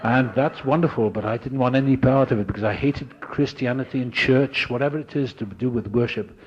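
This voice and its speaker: A man speaking at a recovery meeting, telling his story in a lively, dramatic way and acting out the voices of other people. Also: medium pitch, fairly quick, husky. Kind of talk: storytelling talk. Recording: dull lo-fi recording.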